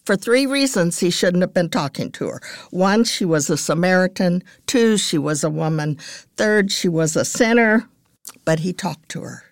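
A woman hosting a podcast, giving devotional Bible teaching as earnest, measured storytelling. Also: lowish voice, lively intonation, no room sound, studio quality.

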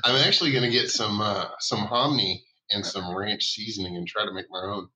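A man with a low but very bright, sharp voice. He talks quickly and matter-of-factly in a casual chat. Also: fairly even intonation, a little hiss or hum, rough recording.

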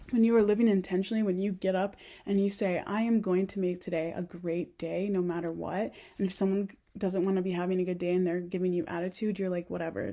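A woman's voice: fairly low pitch, mellow. A young adult woman giving an earnest, rambling self-help monologue to camera, full of "like" fillers. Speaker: vlogger.

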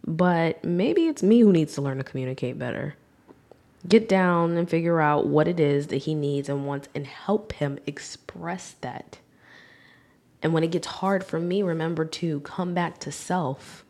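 A young woman talking candidly and reflectively on her own podcast as host, growing animated when she acts out scenes. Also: low voice, measured pace. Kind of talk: solo podcast monologue.

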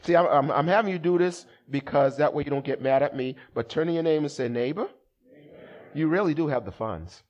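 The recording has its highs cut off as a male pastor with a fairly high pitch preaches a little fast. His sermon is animated and comic, full of exchanges with the congregation and emphatic shouts.

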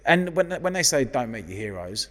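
With a mid-range voice and a brisk delivery, a London guest hairdresser in his thirties swaps lively, profanity-laced stories in casual chat. His accent is London English, heard in a big-room acoustic.

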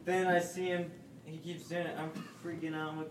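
Animated man, off-mic in echoey room. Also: fairly high pitch, fairly quick, distant mic, noisy background. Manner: animated storytelling, swears freely. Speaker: podcast co-host. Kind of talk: casual chat.

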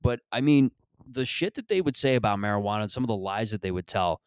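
Low-voiced man rambling comedy monologue. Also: animated, fast, smooth, no echo. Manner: rambling, profane, self-deprecating. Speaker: comedian host.

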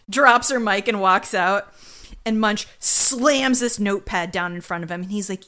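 A woman's voice: mid-range voice, lively intonation, moderate pace, a bit bright. Jokey woman co-host doing character voices. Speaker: podcast co-host. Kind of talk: casual recap chat.

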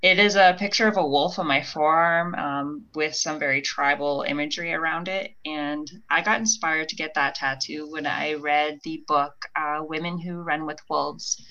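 A woman's voice: deep voice, steady tone, normal speed, few pauses, bright, forceful tone, lo-fi sound. A young woman talking reflectively on a podcast, meandering with many fillers. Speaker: guest. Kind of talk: casual podcast conversation.

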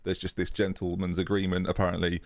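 A man's voice: low-pitched, completely flat delivery, quick pace, darkish tone, no echo, studio quality. A British man co-hosting a podcast, chatting casually and jokily about football in a rambling way. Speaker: podcast co-host.

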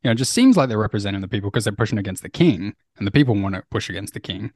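Sex: man. Role: podcast co-host. Pitch: somewhat low. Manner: loose and chatty with "uh" and "like" fillers. Sound: dry, close mic. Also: lively intonation, very fast, a little mellow, dry recording. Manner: casual, with "uh" and "like" fillers and light laughs. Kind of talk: casual podcast conversation.

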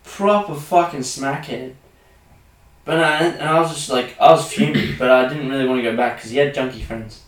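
A man's voice: mid-range voice, moderate pace, distant mic. A young Australian man co-hosting a casual podcast, ranting crudely with lots of swearing. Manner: crude, animated rants full of swearing. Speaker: podcast co-host. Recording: echoey room, off-mic.

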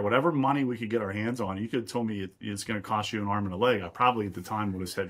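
A man's voice: on the low side, very fast, hardly any pauses, fairly bright tone. A man from Pittsburgh, a real estate investor, explaining at length as a guest in a podcast interview and often checking in with "right?". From Pittsburgh, USA.

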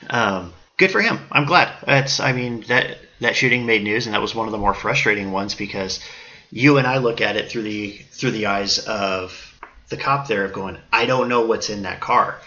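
Male police officer guest, earnest, bright tone, dull audio. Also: on the low side, moderate pace. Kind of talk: casual podcast talk.

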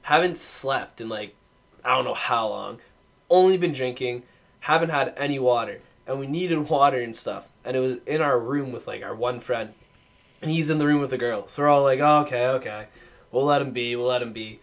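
A man's voice: medium pitch, normal speed, creaky. A young man in casual podcast chat, telling a wild story with laughter and swearing. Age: young adult. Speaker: podcast co-host.

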